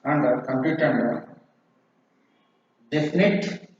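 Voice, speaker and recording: Slow dictating man in an echoey hall. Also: medium pitch, distant mic, highs cut off, a little hiss or hum. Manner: repeats each phrase for note-taking. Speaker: college lecturer.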